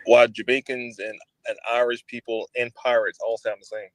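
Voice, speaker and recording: A man chatting on a casual livestream, explaining his thoughts with halting restarts. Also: mid-range voice, flat delivery, no echo, rough recording.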